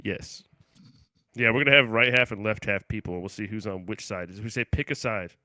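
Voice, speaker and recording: A man co-hosting a comedy podcast over a remote call, mock-aggressive and crude, swinging from low mumbles to loud hype greetings. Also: brisk, dry recording. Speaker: podcast co-host. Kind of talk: casual comedic banter.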